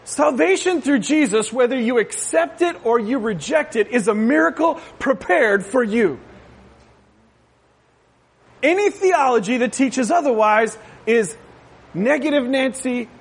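High-voiced man preaching a sermon. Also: lively intonation, unhurried, breathy edge. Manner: conversational, asks the crowd "right?"; jokey asides. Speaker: pastor.

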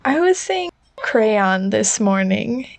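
A woman's voice: a little high, creaky. Playful woman with a Utah accent. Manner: animated, quick, playful. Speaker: podcast co-host. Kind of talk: casual chat.

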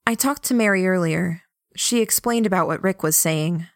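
A brisk, easily flustered young woman, as a woman storyteller puts her on, pitched up from the reader's own voice. She scolds and sounds exasperated. The sound is dry and close. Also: no room sound, natural voice. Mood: matter-of-fact.

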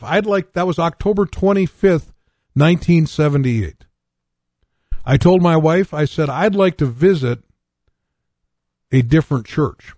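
A man's voice: on the high side, darkish tone, no room sound. An older man from North Dakota preaching a radio sermon, telling his own testimony and reading scripture in an earnest way.

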